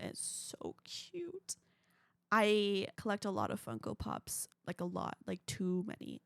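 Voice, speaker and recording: Chatty young woman with vocal fry. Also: mid-range voice, dry recording, clean studio sound. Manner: gushing, chatty fan enthusiasm. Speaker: podcast host. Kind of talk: casual solo podcast chat.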